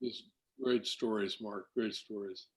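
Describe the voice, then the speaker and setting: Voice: mid-range voice, steady tone, unhurried. A host giving short reactions and laughing along with a guest's stories.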